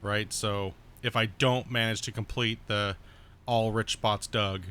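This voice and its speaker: A man with a bright, forceful voice talks through his game plan at home, rambling and correcting himself as he goes. His tone is strong and clear over a faint hiss of background noise. It sounds like a casual home stream. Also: steady tone, measured pace. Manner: thinks aloud, rambling and self-correcting; baby-talks to his cat in a high voice.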